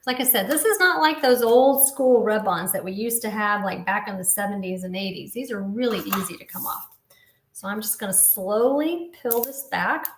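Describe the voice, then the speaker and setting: A woman's voice: mid-range voice, lively intonation, moderate pace, reverberant, slight background noise. A woman in her fifties casually demonstrating a papercraft project, explaining each step as she works. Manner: chatty, explains step by step while working. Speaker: papercraft instructor.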